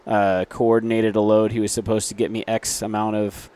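Casting: easygoing low-voiced man, chatty guest, rambling anecdotes full of fillers. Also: level tone, normal speed, warm tone, clear, resonant tone. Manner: rambling, self-correcting, many fillers. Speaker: guest, reclaimed wood business owner. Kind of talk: casual interview storytelling.

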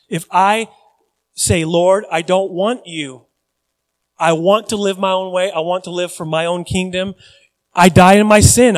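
Middle-aged pastor, earnest sermon delivery, slightly high voice, builds to emphatic refrains. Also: male voice.

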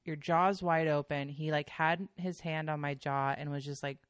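A young woman with a notably low voice tells long, chatty stories as a podcast guest. She rambles, filling her sentences with "like" and the odd swear word. The sound is dry and close, with no room around it. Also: fairly even intonation, moderate pace, clear, resonant tone, dry recording. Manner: chatty storyteller with frequent fillers and swearing. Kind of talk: casual chat.

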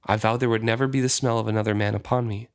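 A man reading aloud as a weary, bitter young courtesan who speaks in a quiet, flat, pleading voice. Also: lowish voice, racing, close to an everyday voice.

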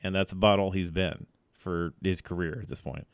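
A man co-hosting a casual sports podcast, giving blunt, quick, opinionated football analysis. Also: low-pitched, steady tone, no room sound, clean studio sound. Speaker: podcast co-host.

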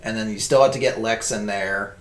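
A young man co-hosting a casual podcast chat, animated and swearing freely, slipping into mocking put-on voices. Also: fairly low pitch, brisk. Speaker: podcast co-host. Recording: echoey room.

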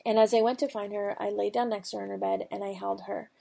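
A woman's voice: mid-range voice, level tone, quick pace, vocal fry, warm tone. A middle-aged woman hosting a devotional podcast, reading scripture and then telling a personal story in an earnest, conversational way with fillers. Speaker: podcast host.

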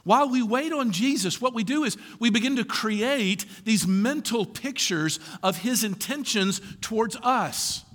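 A man preaching a sermon to a congregation, animated and full of rhetorical questions, often laughing through his lines. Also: very high voice, a little slow, hardly any pauses, big-room sound. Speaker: pastor.

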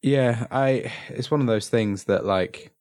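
A man's voice: mid-range voice, slow, a little mellow, no room sound, studio quality. A man co-hosting a podcast in casual chat, hesitant, with many fillers and restarts. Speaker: podcast co-host.

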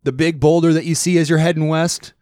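A man co-hosting a podcast in casual chat, rambling through animated stories and throwing in mock accents. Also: on the high side, fairly quick, no room sound, studio quality. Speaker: podcast co-host. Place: podcast studio.

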